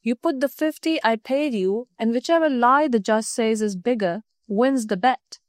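A woman's voice: a little high, moderate pace, dry recording, studio quality, close to an everyday voice. A woman voicing a boastful, smug rich young man in a storybook reading. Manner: bragging, sly. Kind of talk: storybook narration.

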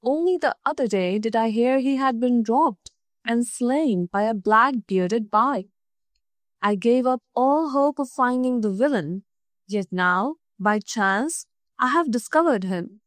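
A woman voicing a clever, calm young woman who speaks politely and with quiet cunning in a storybook reading. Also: fairly high pitch, measured pace, no echo. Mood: composed. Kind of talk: storybook narration.

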